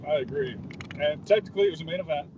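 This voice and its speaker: A man's voice: a little high, rapid-fire, a crowd in the background. A man co-hosting a podcast in casual chat, agreeable and matter-of-fact. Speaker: podcast co-host. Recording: dull lo-fi audio.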